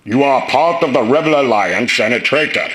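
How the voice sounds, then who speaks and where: A man putting on a menacing armored dark lord voice through a homemade vocoder robot filter. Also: medium pitch, animated, normal speed, poor audio.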